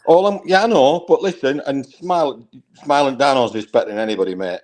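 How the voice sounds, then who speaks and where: A man's voice: mid-range voice, brisk, darkish tone. Sweary blunt Yorkshire man. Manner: swears heavily, blunt and matey. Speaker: caller in a live chat. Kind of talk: casual chat.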